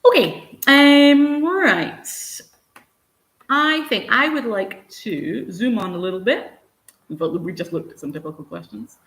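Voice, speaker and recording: In a live online English lesson, a woman speaks slowly in a mid-range, fairly bright voice that is expressive and has vocal fry. Patient and encouraging, she answers viewers by name, and the recording has a roomy echo.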